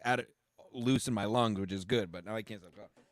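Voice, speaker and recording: A man's voice: lowish voice, fairly quick. A man co-hosting a casual podcast, teasing his co-host in a mock-earnest way and asking leading questions. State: coughing.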